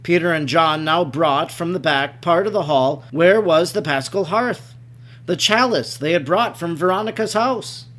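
High-voiced male devotional narrator. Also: measured pace, fairly bright tone. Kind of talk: scripted narration of a devotional text.

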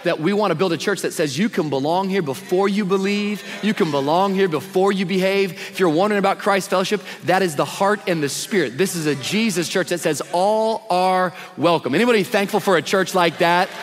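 A man's voice: high voice, a little fast, few pauses, faint music behind. A man in his thirties preaching a live sermon to a church congregation, casual and slangy but full of energy. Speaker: guest pastor. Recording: long reverb of a big hall.

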